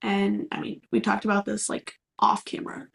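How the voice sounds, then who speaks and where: A woman's voice: mid-range voice, level tone, moderate pace, creaky. A young woman, co-hosting a podcast and telling a long story in a chatty way, full of fillers and laughs. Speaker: podcast co-host. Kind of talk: casual chat.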